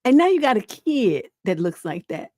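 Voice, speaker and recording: A woman's voice: fairly high pitch, sing-song, moderate pace, dry recording, studio quality. Laughing woman hosting a live stream. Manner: laughs often, reacts loudly, quotes people in playful voices. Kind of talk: casual live stream chat.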